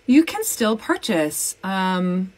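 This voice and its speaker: A woman's voice: mid-range voice, big pitch swings, takes it slowly. A woman chatting casually on a livestream while signing items, playful and breaking into little bits of song. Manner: playful, sings and hums bits while working. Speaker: guest doing a live signing.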